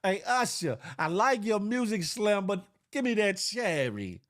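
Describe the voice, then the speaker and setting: A man's voice: high voice, very animated, measured pace, fairly bright tone, exaggerated voice. A man impersonating a cocky young rapper who guards his girlfriend, speaking in brash street slang.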